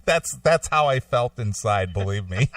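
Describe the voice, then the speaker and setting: A man's voice: lowish voice, animated, measured pace, a bit bright, distant mic. A man co-hosting a radio talk show, telling rambling anecdotes in casual, profane chat.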